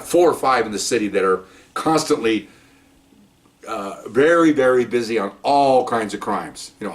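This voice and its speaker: A man's voice: on the low side, recorded from a distance. An older man, a retired police officer, telling stories casually, chatty and joking, with frequent "okay?" asides. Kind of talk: casual first-person storytelling.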